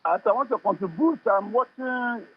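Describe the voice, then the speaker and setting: A man's voice: high voice, normal speed, faint music behind. A man calling in to a radio show, speaking hesitantly with many fillers. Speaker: caller. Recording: tinny phone line.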